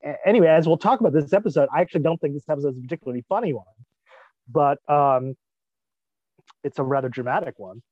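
A man's voice: on the high side, dry recording. A man co-hosting a casual chat, stopping and restarting his sentences as he searches for the right word. His voice comes through a dull, lo-fi recording. The sound is dry and close. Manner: halting, many restarts and fillers. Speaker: podcast co-host.

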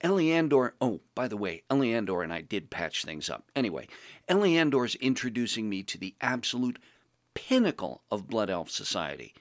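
A man playing a pompous, social-climbing young male journalist with affected, genteel high-society phrasing. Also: big pitch swings, normal speed, dry recording, clean studio sound. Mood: airy, pleased. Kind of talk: podcast role-play.

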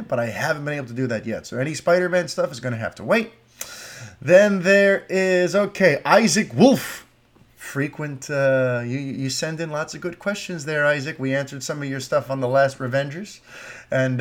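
A young man hosting a solo podcast, talking passionately and rambling through tangents and listener questions. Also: fairly high pitch. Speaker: podcast host.

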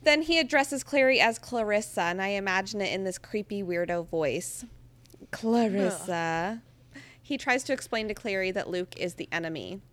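A woman's voice: mid-range voice, expressive, brisk, hardly any pauses, fairly bright tone. A woman hosting a casual chat, reading passages aloud and laughing often between her comments. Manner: giggly, reads excerpts between asides. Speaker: podcast host recapping a book.

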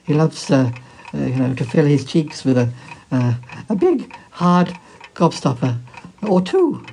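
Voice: sing-song, a little slow, creaky, warm tone, a little hiss or hum. A performer voicing Bettina, a fond, gossipy woman on the phone who calls everyone darling. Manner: swoops in pitch, affectionate.

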